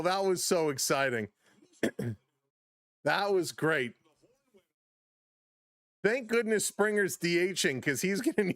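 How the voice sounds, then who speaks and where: A man with a high, light voice does play-by-play for a baseball game on a live stream, recorded close and dry with no room sound. He chuckles often, bursts into loud, shouting excitement on big plays, and gives shout-outs to chat viewers by name.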